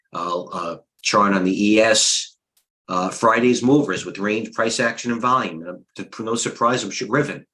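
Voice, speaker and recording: In poor audio, a lowish, fairly bright male voice delivers unscripted live market talk that wanders and is packed with fillers and frank views. The speaker is a middle-aged head trader and coach.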